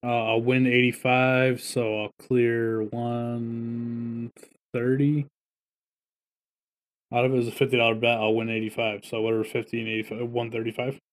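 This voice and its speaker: A man chats easily on a podcast, relaxed and a little wry. His voice sits in a middle range and he talks at an unhurried pace. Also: medium pitch. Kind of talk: casual chat.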